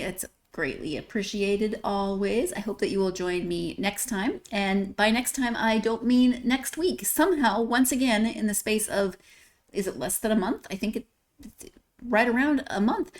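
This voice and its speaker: A woman hosts a podcast and talks casually and at length to her listeners. Her voice sits at an ordinary, mid pitch for a woman. She rambles, teases herself and breaks into small laughs. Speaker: podcast host. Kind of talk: casual solo podcast sign-off.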